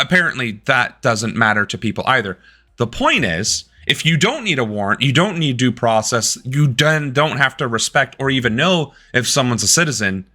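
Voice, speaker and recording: A man's voice: medium pitch, sharp tone. A man doing live-stream reaction commentary on politics, ranting angrily and with heavy profanity.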